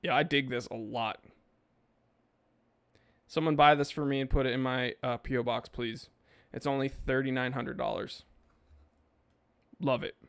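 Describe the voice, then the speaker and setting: A man's voice: mid-range voice, fairly even intonation, measured pace, vocal fry, pauses often, smooth. A man hosting a podcast, reading chat and rambling casually in laid-back slang.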